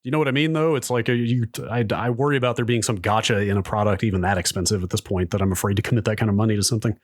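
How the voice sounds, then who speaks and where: Quick, hedging man co-host, lowish voice, casual tech chat. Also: fairly even intonation, no room sound, clean studio sound. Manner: rapid, hedging, lots of "like" and "you know". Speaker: podcast co-host.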